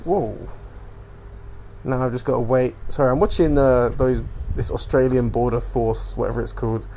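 A young man talks through a casual solo podcast at an ordinary middle pitch. He rambles from one topic to the next and swears casually. A faint noise floor sits under the recording. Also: steady tone, moderate pace, warm tone. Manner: rambling, swears freely, jumps between topics. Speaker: podcast host.

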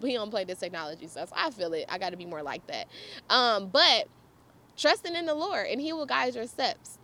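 Animated young woman telling a story. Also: medium pitch. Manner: animated, laughs often, chatty asides to viewers. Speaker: vlogger. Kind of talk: casual storytelling.

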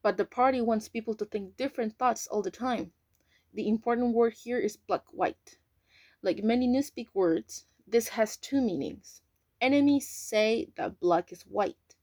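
Woman w/ reading a novel out loud, careful, fixes her slips, dry close sound. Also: fairly high pitch, measured pace, no room sound. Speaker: reader. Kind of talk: amateur audiobook reading.

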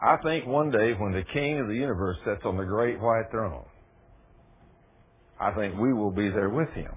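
A man preaching a sermon in a folksy, emphatic way, his voice rising high on key passages. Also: moderate pace, husky. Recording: tinny phone-like radio broadcast.

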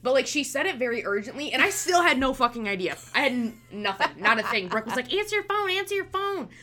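Young woman with a bright voice, chatty and animated, swears a lot, laughs mid-story. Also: fairly high pitch, quick pace. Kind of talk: casual storytelling chat.

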